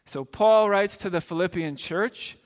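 A middle-aged male pastor gives a conversational sermon in a high voice. He acts out small scenes as he goes. His voice rings out with a long hall reverb. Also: a little slow. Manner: conversational preaching with acted asides.

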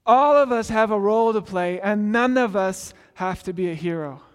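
In a big-room setting, a forties-aged pastor delivers his sermon as a conversational storyteller who keeps interrupting himself to restart. His high-pitched voice is animated and clean-toned, at a moderate pace.

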